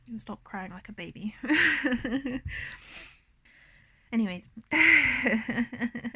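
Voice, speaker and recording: Soft-spoken, half-whispering woman vlogging from bed. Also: mid-range voice, vocal fry, breathy edge, dry recording. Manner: soft, often half-whispered, rambling with many fillers. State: upset and in pain. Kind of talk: casual confessional vlog. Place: in bed, indoors.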